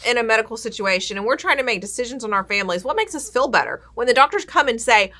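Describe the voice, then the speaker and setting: A woman co-host makes her case in lively, persuasive podcast talk. Her bright voice swings widely in pitch as she presses each point. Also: fast. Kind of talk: casual podcast conversation.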